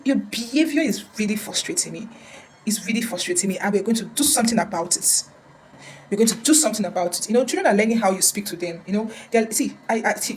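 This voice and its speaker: A woman's voice: mid-range voice, a little hiss or hum, rough recording. A woman counselor giving earnest advice in a casual talk, often repeating words and restarting.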